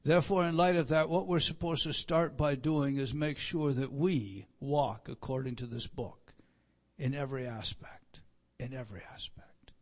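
A middle-aged man preaching a sermon, repeating phrases for emphasis and swinging from loud declarations to soft asides. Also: fairly high pitch, normal speed. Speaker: pastor.

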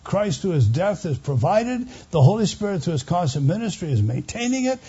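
Older man, pastor preaching, very dark husky tone, dull lo-fi sound. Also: sits high, very animated, brisk. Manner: earnest preaching, swells louder on key phrases then drops quiet. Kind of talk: sermon.

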